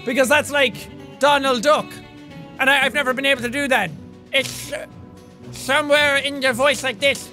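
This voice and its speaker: Young male gamer, high bright voice, rowdy and sweary, quick swings from shouting to muttering. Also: soft background music. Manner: excitable, loud, swears a lot, jumps between shouts and mutters. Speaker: gaming YouTuber. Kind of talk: let's play commentary.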